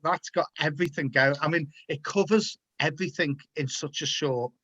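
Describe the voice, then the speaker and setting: A man's voice: on the high side, normal speed, a bit bright, breathy edge, muffled recording. A man hosting a casual video-call chat show, chatty and encouraging, often repeating his words. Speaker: host.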